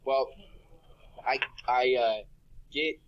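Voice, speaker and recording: A man, a mindset coach, telling an embarrassing personal story to an audience in a self-mocking way, jumping into high put-on voices for his own thoughts. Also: fairly even intonation, extremely slow, lo-fi sound.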